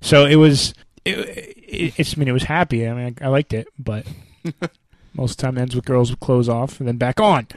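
A man's voice: mid-range voice, normal speed, no room sound. A young man co-hosting a podcast, telling a story animatedly in casual chat, swearing and acting out his own lines. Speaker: podcast co-host.

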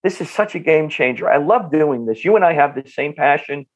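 A health practitioner from New Jersey, with a North Jersey accent, appears as a guest in a podcast interview. His slightly high voice moves fairly quickly and animatedly, often repeating words as he begins sentences, and the audio sounds dull.

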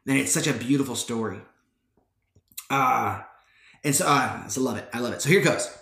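A man's voice: mid-range voice, brisk, creaky, bright, forceful tone. A man hosting a podcast, casually retelling a Bible story in slangy, laid-back talk with frequent laughs. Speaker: podcast host. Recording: roomy echo.

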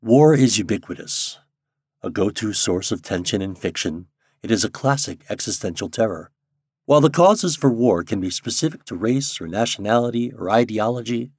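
Casting: male host-narrator, low husky voice, measured delivery, dry close recording. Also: darkish tone, no echo. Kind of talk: audio magazine narration.

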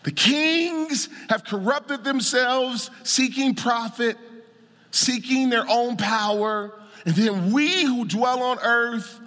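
A man preaching a sermon as pastor, emphatic, swelling into shouts and a sung, rhythmic cadence. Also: extremely high pitch, slow pace. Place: church sanctuary. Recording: long church hall reverb.

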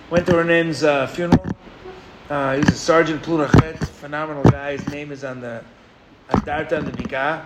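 A man's voice: on the high side, noisy background. A man from New York giving a sermon as a rabbi, telling stories and asking his audience "right?". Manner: storytelling, animated, engages the audience with "right?". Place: rooftop gathering.

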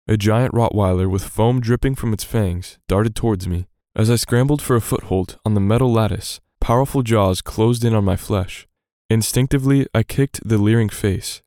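A man's voice: on the low side, mellow, no echo, clean studio sound. A young man reading a scripted devotional story in an earnest storytelling manner. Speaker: student devotional reader.

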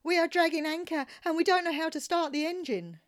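Frantic women on a drifting boat shriek for help, as the woman narrator imitates them. High, loud and rushed. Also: dry recording, clean studio sound. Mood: panicked. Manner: frantic, shrill.

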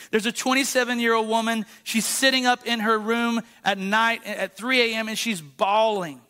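A man with a high, bright voice preaches in a church. He keeps it conversational and lively, often checking in with the congregation. His tone stays clear and ringing throughout. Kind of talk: sermon.

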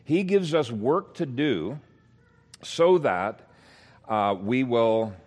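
A man's voice: medium pitch, lively intonation, very slow, darkish tone. A man preaching a sermon as pastor, explaining scripture in a teaching manner with emphasis.

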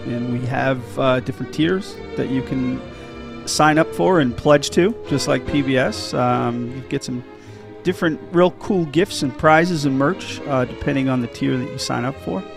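A man's voice: medium pitch, normal speed, creaky, music in the background. A man co-hosting a podcast over a video call, laid-back and self-deprecating. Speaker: podcast co-host. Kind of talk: casual podcast chat.

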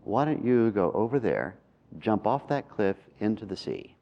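A man's voice: on the low side, sing-song, normal speed, dull audio, pitched above the performer's own voice. A man voicing a cocky young bully. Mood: taunting. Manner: challenging, taunting. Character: cocky young male bully showing off to friends.

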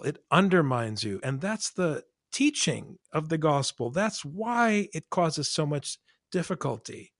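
Gravelly-voiced male priest, dry close sound, emphatic scripture teacher. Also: fairly high pitch, a bit bright, no echo. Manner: emphatic, asks rhetorical questions. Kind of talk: scripture discussion.

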